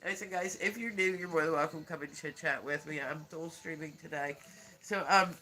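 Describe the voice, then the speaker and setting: A man's voice: on the high side, a little fast, pushed and bright. A man casually chatting on a livestream, rambling and laughing often while congested with a stuffy nose. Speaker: livestream host.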